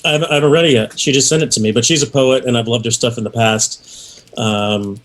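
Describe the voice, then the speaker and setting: Soft hesitant guest guy, mid voice. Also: mid-range voice, fairly even intonation, a little fast. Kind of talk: casual chat.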